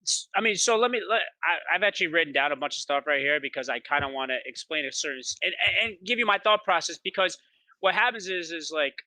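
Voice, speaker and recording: A man, a pro paintball player, chatting as a guest in an interview, telling boastful stories quickly and excitedly, with lots of "like". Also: on the high side, no room sound, rough recording. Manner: rapid, excited storytelling with many "like"s; boastful, trash-talking attitude. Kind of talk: animated interview chat.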